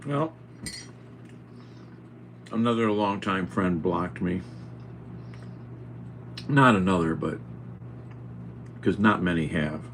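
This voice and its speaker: A man vlogging at home, talking in an animated, exclaiming way to his cat and the camera. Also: sits low, slow pace, long pauses, slight background noise. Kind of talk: casual chat.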